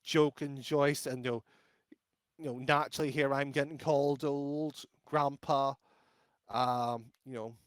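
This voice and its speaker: This Irish man casts esports and is a podcast guest in a laid-back interview. His mid-range voice is steady and smooth at a measured pace, though he speaks bluntly and rambles with many fillers and restarts. No room sound is audible.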